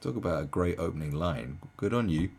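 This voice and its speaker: A man talks through a video in casual reaction commentary, sounding incredulous and mocking. His voice is deep and gravelly, and his pitch swings around a lot. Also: lively intonation, a little fast, a little mellow. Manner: incredulous and mocking, with frequent laughter.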